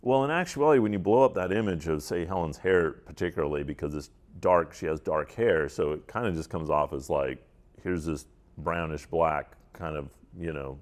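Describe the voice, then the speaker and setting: A man with a very low voice, speaking as a visiting artist in a relaxed, chatty way. He tells his stories with animation and slips into the voices of the people he quotes, stumbling over fillers and restarting his sentences as he goes. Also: normal speed. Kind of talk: casual storytelling talk. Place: university museum.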